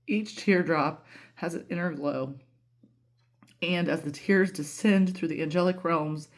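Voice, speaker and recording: A woman with a low, slightly slow voice gives a casual tarot reading, candid and emotional, swearing freely and using plenty of fillers. Her voice breaks with emotion.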